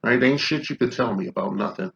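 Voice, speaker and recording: A man's voice: medium pitch, fast talker, gravelly, a bit bright, lo-fi sound. A man in his fifties from Chicago, ranting in confrontational, profane commentary full of rhetorical questions. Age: 50s. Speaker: commentary vlogger.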